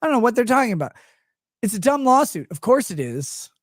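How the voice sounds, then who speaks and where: A man's voice: extremely high pitch, big pitch swings, fairly quick, no room sound, clean studio sound. Profane sarcastic man ranting live. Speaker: show host. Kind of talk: profane livestream rant. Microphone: streaming desk microphone.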